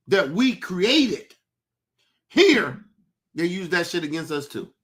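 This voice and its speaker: A man delivering a heated, profane rant as a podcast host, shouting and repeating himself. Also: high voice.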